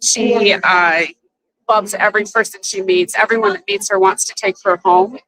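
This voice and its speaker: Local woman at a protest, earnest and pleading, some halting fillers. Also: mid-range voice, steady tone, a bit bright, low-quality recording. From Wisconsin, USA. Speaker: local resident speaking at a press conference. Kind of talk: impassioned public statement. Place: outdoor protest at a state capitol.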